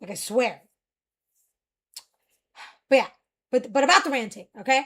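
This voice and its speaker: A young woman streamer chatting casually, rambling and ranting in an animated way. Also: high voice, normal speed.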